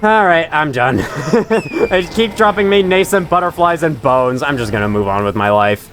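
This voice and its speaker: A man's voice: a little high, expressive, moderate pace, fairly bright tone, soft background music. A man giving rambling, chatty gameplay commentary, laughing often and talking to enemies on screen. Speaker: gaming channel host.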